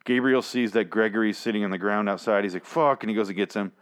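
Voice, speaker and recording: Low-voiced guy rambling thru an episode recap, sarcastic, swears a lot. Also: steady tone, fast. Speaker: podcast host reviewing a TV episode. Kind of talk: casual spoken recap.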